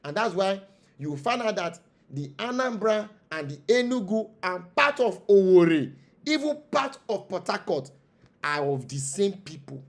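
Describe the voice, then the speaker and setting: A traditional spiritual leader with a Nigerian accent delivers an impassioned monologue as an interview guest, preaching through rhetorical questions and repeated phrases. His voice sits high, swings widely in pitch, and moves at an unhurried pace.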